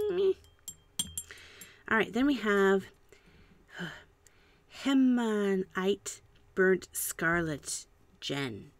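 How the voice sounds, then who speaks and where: A woman hosting a casual live stream at home, chatting and musing aloud while she paints, with soft trailing asides. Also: mid-range voice, dry recording. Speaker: art channel host.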